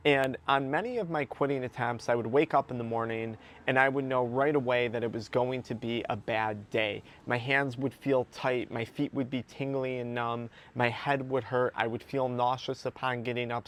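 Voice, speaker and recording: A man's voice: medium pitch, no echo. A man speaking as an addiction recovery coach, giving a motivational talk to camera in an earnest, emphatic way, repeating key words for stress.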